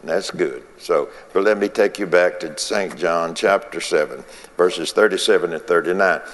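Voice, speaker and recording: A man's voice: deep voice, moderate pace, long reverb tail. A man preaching a folksy sermon, repeating phrases and chuckling between points.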